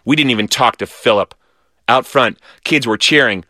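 A man reading a children's story aloud in a lively, animated way. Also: medium pitch, moderate pace, no echo, clean studio sound.

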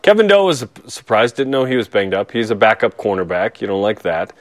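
Young male radio co-host, relaxed sports chat, laughs easily. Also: fairly low pitch, quick pace. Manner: chatty, laughs easily, trails off mid-thought. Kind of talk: casual sports talk.

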